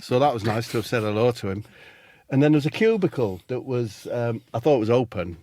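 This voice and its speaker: A man, a comedy podcast co-host, telling a rambling comic story in a deadpan way and swearing casually. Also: medium pitch, a little fast, slight background noise.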